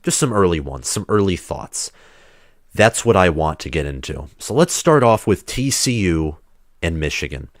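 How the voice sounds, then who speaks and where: A man's voice: sits low, sing-song, moderate pace, dry recording, clean studio sound. A man hosting a livestream while sick, chatting in a rambling, casual way with loose restarts. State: sick, under the weather. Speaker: livestream host.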